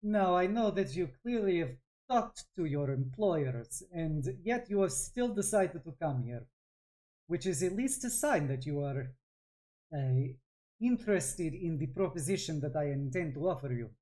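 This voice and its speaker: A woman's voice: mid-range voice, animated, slow pace, hardly any pauses. A woman voicing a bored, chain-smoking fire genasi woman with a thick foreign-sounding accent and an apathetic, languid manner.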